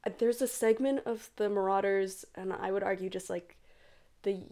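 A woman's voice: medium pitch, fairly even intonation, normal speed, warm tone. A woman guest on a podcast, chatting and laughing at herself in a casual way. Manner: laughing, self-mocking, chatty. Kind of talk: casual chat.

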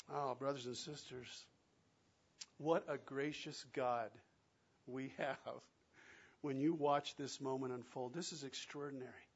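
A man preaching a sermon, acting out quoted lines and swinging between loud and soft. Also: mid-range voice, fairly even intonation, measured pace, pauses often, slightly rough, lo-fi sound. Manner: dramatic, acts out quoted lines with big swings in loudness. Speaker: pastor.

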